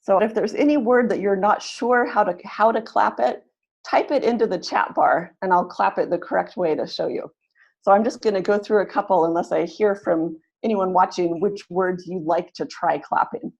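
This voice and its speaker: A woman runs an online webinar for language teachers, speaking through a computer mic. She sounds clear and encouraging, and she stretches and punches the stressed syllables of the words she models. Her voice sits at an ordinary middle pitch. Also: moderate pace, highs cut off. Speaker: webinar facilitator.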